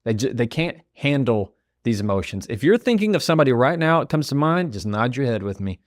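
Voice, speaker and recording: A man's voice: medium pitch, fairly quick, no echo, clean studio sound. A man, hosting a motivational podcast and acting out quoted voices. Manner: animated, acts out quoted voices. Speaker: podcast host.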